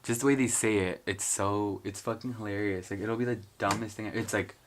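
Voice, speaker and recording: A young man of Mexican heritage, raised in the US, vlogs casually from his bedroom, rambling, swearing and making fun of himself with bursts of laughter. His fairly low voice stays fairly even and runs a little fast with hardly any pauses. Background noise can be heard.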